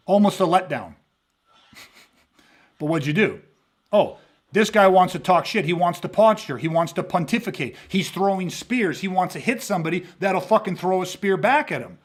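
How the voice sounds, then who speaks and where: A man's voice: high-pitched, moderate pace. A man and self-defense instructor in a casual podcast monologue, swearing freely and acting out the people in his stories. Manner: profane, animated storyteller acting out quoted voices.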